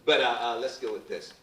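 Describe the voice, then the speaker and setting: A man's voice: mid-range voice, bright, forceful tone, a little hiss or hum. A man doing a loose, joking stand-up comedy set on a live stage, asking the crowd questions. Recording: roomy live venue from far off.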